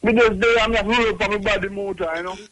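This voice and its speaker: A man's voice: sits high, steady tone, quick pace, a bit bright, rough recording. A man calling in, rambling and talking over the host. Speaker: caller.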